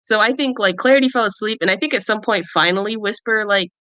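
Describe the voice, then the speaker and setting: A woman plays her character in a tabletop game, talking in a lively, playful way. Her voice sits in the middle and sounds bright. The recording is dry and close. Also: medium pitch, fast, no echo. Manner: lively, playful, laughs often. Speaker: player.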